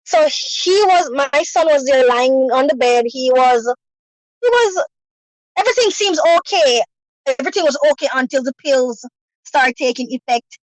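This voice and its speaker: A woman's voice: high voice, expressive, moderate pace, no room sound, low-quality recording. A woman earnestly telling a personal story, often repeating herself and adding "you know". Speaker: guest sharing a personal story.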